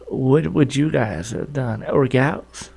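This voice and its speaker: A man's voice: medium pitch, slow pace, creaky, darkish tone, husky. A man casually commenting to his viewers as he plays through a story game. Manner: folksy, chatty, talks to viewers. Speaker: gaming video host.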